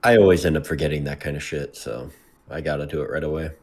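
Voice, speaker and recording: A man's voice: extremely low pitch, steady tone, fast talker, a crowd in the background. A man co-hosting a casual podcast, answering briefly and teasing his co-host. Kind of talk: casual chat.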